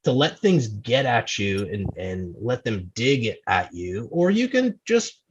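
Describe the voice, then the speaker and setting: A man's voice: medium pitch, big pitch swings, takes it slowly, a little hiss or hum. A man from New Jersey telling stories as a podcast guest, rambling and restarting his sentences, often laughing at himself. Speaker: amateur racing team member, podcast guest. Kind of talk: casual storytelling. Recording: dull, lo-fi sound.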